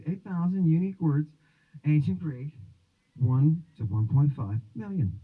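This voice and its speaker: A man with a slightly high, husky voice hosts a livestream, lecturing in a loose, rambling way. He turns theatrical, drifting between musing and mocking asides. The sound is thin and boxy, as if over a phone line. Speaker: host of a religion and language livestream.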